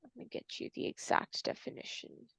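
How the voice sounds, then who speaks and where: A woman's voice: normal speed, fairly bright tone, no room sound. A woman tutor explaining a poem in an online lesson, in a patient, explanatory way with some fillers. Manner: explanatory, uses fillers and restarts.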